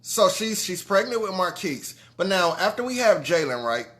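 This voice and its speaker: A man's voice: sits high, sing-song, normal speed. A man telling a heartfelt personal story to his audience, earnest and conversational, often checking in with "you know what I'm saying". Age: adult father of grown sons. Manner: trailing restarts and soft drops in level.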